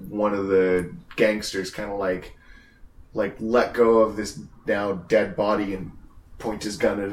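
A man narrating as game master for a tabletop game, relaxed and often laughing. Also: on the low side, slight background noise. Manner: laid-back, laughs often, many fillers. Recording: roomy echo.

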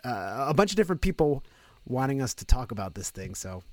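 A man's voice: medium pitch, sing-song, a little fast, no room sound. A man co-hosting a casual podcast, upbeat and playful. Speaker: podcast co-host.

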